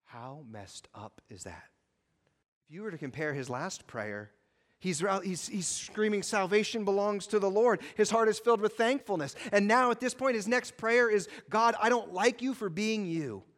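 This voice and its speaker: A man preaching an impassioned sermon as a pastor, swinging between loud emphasis and quiet, measured passages. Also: high voice, in a large hall.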